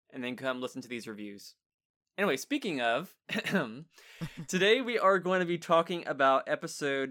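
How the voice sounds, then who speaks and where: A man in his twenties hosting a podcast, chatting casually in a relaxed way about a series he reviews. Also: fairly high pitch, clear, resonant tone. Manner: relaxed, chatty, trails off and restarts. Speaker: podcast host.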